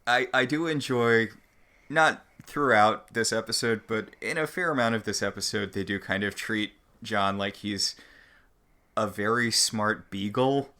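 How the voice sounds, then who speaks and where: A woman's voice: extremely low pitch, unhurried, sharp tone. A woman co-hosting a podcast, chatting casually about a TV episode and throwing in dry, wisecracking asides. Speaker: podcast co-host. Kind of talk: casual chat recapping a TV episode.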